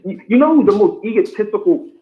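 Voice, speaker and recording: A man's voice: high-pitched, animated, quick pace. A man calling in to a casual chat, talking in street slang and stammering over his restarts. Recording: tinny phone line.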